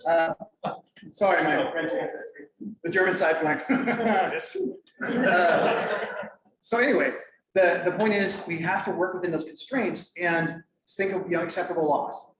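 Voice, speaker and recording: A middle-aged man presenting at a conference, lively and joking as he quizzes the audience. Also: high voice, moderate pace. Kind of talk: interactive workshop talk. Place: conference room. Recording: echoey room, mic far off, faint noise.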